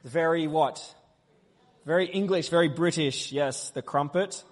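Male preacher, slightly high husky voice, lively crowd quizzer, in a reverberant church hall. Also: measured pace. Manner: playful, quizzing the crowd, loud call-and-response. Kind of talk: interactive sermon with the congregation.

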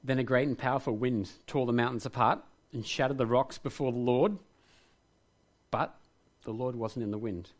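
A man's voice: mid-range voice, steady tone, moderate pace. A man preaching a sermon, earnest and reflective, rising to passionate emphasis at times. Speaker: pastor.

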